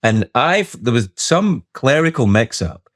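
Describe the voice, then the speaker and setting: A middle-aged Scottish man hosting a podcast, telling stories in a lively, joking way. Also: mid-range voice, a little slow, dry recording, studio quality. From Scotland. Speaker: podcast host. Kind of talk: casual chat.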